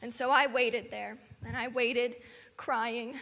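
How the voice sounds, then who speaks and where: A woman telling a children's story in a church service, expressive and animated as she talks to the kids. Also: fairly high pitch, measured pace. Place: church sanctuary. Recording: long hall reverb, faint noise.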